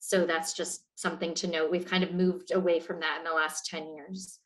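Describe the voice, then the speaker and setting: A woman in her forties with a fairly low voice explains her field in a clear, measured way, dropping in an occasional filler. She is speaking over a video call from a hotel room. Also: little pitch movement, low-quality recording. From Maine. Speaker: nonprofit executive director. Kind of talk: interview answers.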